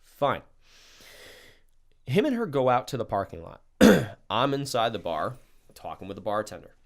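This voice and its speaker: On a podcast, a young man recounts a crazy story in a creaky, medium-pitched voice at normal speed. He curses freely, stays lively, and performs other people's lines as he quotes them.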